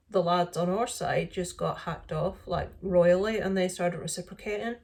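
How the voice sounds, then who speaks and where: A middle-aged woman vlogger casually retelling an incident, indignant and full of fillers and restarts. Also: mid-range voice. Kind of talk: casual storytelling to camera.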